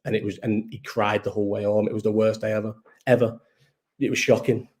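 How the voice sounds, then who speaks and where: A man's voice: fairly low pitch, flat delivery, fairly quick, a little mellow. A tired man, hosting a live chat in a rambling casual way, swearing often and trailing off mid-sentence. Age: 30s.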